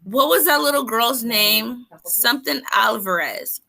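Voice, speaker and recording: A woman hosts a casual video-call panel, chatting and calling on the other guests by name. Her voice is bright and forceful, with a gravelly fry, and it sits a little high. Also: lively intonation, measured pace. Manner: chatty, directs the other callers.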